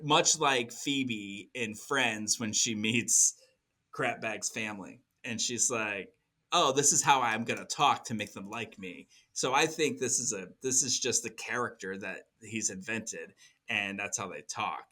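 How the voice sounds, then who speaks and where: A man's voice: fairly low pitch, a little slow, sharp tone. A man co-hosting a podcast in casual chat, rambling with frequent restarts and laughs. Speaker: podcast co-host.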